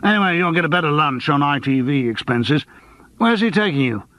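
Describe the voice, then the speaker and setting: A man's voice: on the high side, a little fast, dry recording. A man voicing a worldly, wry lawyer who is an old friend of the hero, in an audiobook. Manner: wry, teasing, lively. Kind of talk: audiobook character voice.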